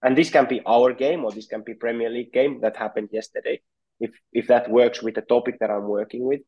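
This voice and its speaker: A man's voice: mid-range voice, fairly even intonation, a little fast, husky, highs cut off. A man from Finland, a native Finnish speaker, answering interview questions as a goalkeeping coach in a thoughtful way, often repeating words as he searches for phrasing. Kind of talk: podcast interview.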